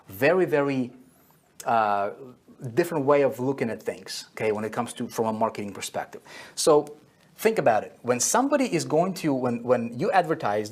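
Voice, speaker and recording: A man's voice: mid-range voice, a little mellow, husky. A man teaching an online marketing lesson at a whiteboard, repeating key phrases and checking in with "okay?" and "right?" after each point.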